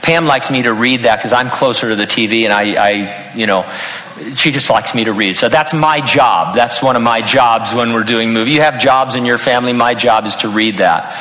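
A man's voice: mid-range voice, normal speed, pushed and bright, reverberant, in a large hall, poor audio. An older man preaching a sermon as pastor, earnest with touches of self-deprecating humor.

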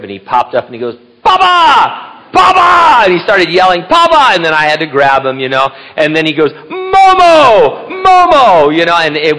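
A man's voice: medium pitch, fairly bright tone. An older man, a grandfather and pastor, preaching in a casual, rambling way with restarts and asides. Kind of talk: conversational sermon. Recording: dull lo-fi recording.

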